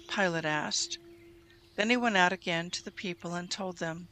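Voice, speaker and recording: A host reads scripture aloud at an even, measured pace, with a clear musical bed playing underneath. The voice sits in a middle pitch. Quoted lines are read plainly, with little change of voice. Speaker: Bible reading host. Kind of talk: scripture reading. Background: music bed under the reading.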